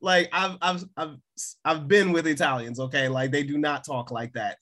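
A man's voice: fairly high pitch, fairly even intonation, moderate pace, sharp tone. A man co-hosting a casual film review podcast, peppering his talk with "like" and frequent laughs. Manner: laughs often, many "like" fillers. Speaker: podcast co-host.

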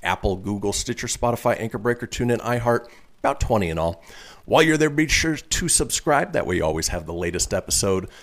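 A man from northern Nevada hosting a radio talk show in a low voice. He reads stories aloud with chatty asides, his pitch swinging widely. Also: animated, fairly quick.

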